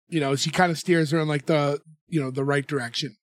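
A man's voice: a little high, fast talker, hardly any pauses. A man co-hosting a podcast, recapping a show in rambling casual chat with lots of fillers and restarts. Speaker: podcast co-host.

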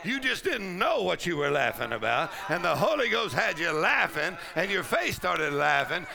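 Gravelly shouting preacher man. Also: high voice, sing-song, moderate pace, few pauses, over music. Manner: shouting, laughing loudly, Southern colloquial speech. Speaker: pastor. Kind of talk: charismatic preaching sermon. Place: large conference hall.

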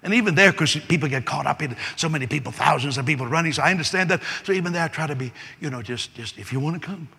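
Man, pastor, earnest sermon, slightly high, husky voice. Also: fast talker, few pauses, bright, forceful tone. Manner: earnest, repetitive, rising to fervent prayer. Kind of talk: sermon with altar call. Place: large church hall. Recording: long echo of a large hall.

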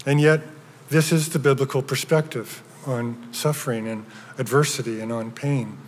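A man's voice: medium pitch, fairly even intonation, normal speed. A man preaching a sermon as pastor, earnest, with frequent restarts and building emphasis. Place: church sanctuary. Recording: long hall reverb.

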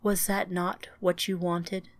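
A woman's voice: fairly low pitch, level tone, takes it slowly, dry recording. A woman voicing a solemn ancient machine sea spirit. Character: ancient sorrowful machine-swarm sea entity, female.

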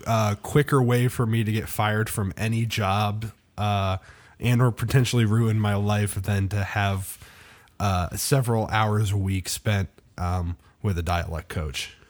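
A man's voice: lowish voice, fairly even intonation, a little slow. A man co-hosting a podcast in casual, joking chat, easygoing and self-deprecating with hesitant fillers. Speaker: podcast co-host.

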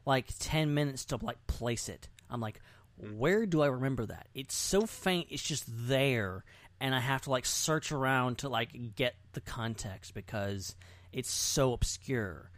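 A man hosting a podcast in a playful, casual chat manner, quick to laugh. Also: mid-range voice, no room sound. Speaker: podcast host.

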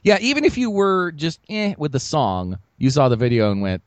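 A man's voice: fairly high pitch, wildly swooping pitch, moderate pace, dry recording. A man co-hosting a podcast, chatting casually and joking as he rambles through the topic. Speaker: podcast co-host.

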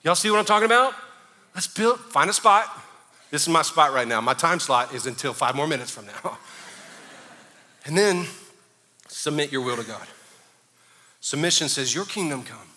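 Male preacher, bright forceful tone, fervent half-sung prayer, long hall reverb with soft music behind. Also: on the high side, lively intonation, moderate pace, pauses often. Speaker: pastor. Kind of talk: sermon.

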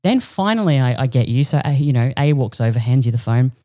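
A woman's voice: extremely low pitch, fast talker. A woman guest on a casual podcast, telling a funny story and acting out what other people said. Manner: animated, acts out other people's lines. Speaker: podcast guest, event organiser.

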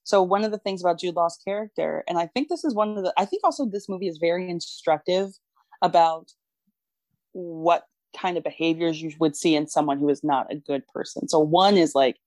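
A woman's voice: fairly low pitch, fairly even intonation, brisk, darkish tone, no echo. A woman co-hosting a casual podcast, talking enthusiastically about films and laughing often. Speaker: podcast co-host. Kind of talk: casual film discussion.

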